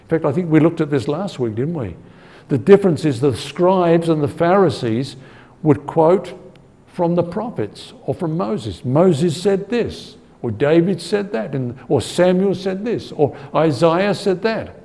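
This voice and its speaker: A man's voice: on the high side, expressive, unhurried, warm tone. A man teaching a conversational Bible-study sermon. He talks earnestly, asks his listeners for agreement and repeats words as he thinks. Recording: long hall reverb.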